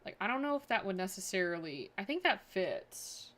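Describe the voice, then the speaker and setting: A woman streamer chats through her building session, musing aloud and trailing off with fillers as she decides. Her voice sits at a middling pitch, relaxed and conversational. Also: normal speed, a little hiss or hum. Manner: thinking aloud, chatty, filler-heavy. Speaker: game streamer. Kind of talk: casual livestream chat.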